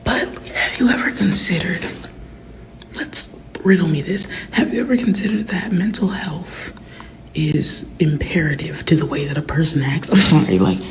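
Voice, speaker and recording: A woman in a candid, rambling, profane monologue, often dropping to a hushed whisper. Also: low-pitched, creaky. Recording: noisy background.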